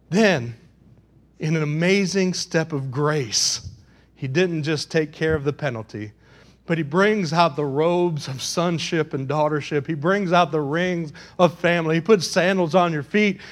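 High-pitched preacher guy, gets loud and fervent then drops to a near hush, pleading with the church. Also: a little slow. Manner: swings between loud passionate preaching and hushed pleading. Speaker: pastor. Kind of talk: sermon. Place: church in front of a congregation.

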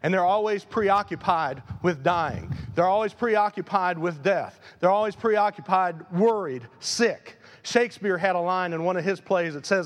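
Male pastor, high voice, animated sermon delivery with loud emphases and soft asides, in a church. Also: normal speed. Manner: animated preaching, swings between loud emphasis and quiet asides. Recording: long hall reverb.

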